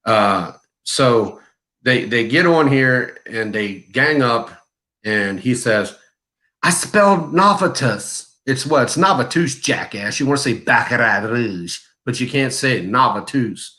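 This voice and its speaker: Unhurried and sharp-toned, a medium-pitched man co-hosts a live fragrance review show. He launches into a heated rant that is blunt, mocking and crude.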